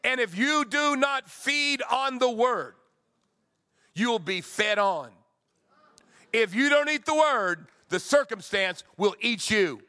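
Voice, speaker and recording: A man in his sixties, a pastor preaching a sermon with emphatic swings between loud and soft. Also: extremely high pitch, expressive, takes it slowly, clean tone.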